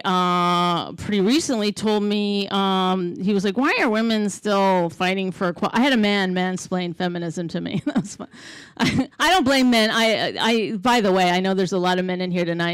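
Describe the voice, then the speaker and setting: A Canadian woman doing a stand-up comedy set on stage, deadpan and chatty with the crowd. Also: medium pitch, clean tone, dry recording, rough recording. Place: theater stage before a live audience.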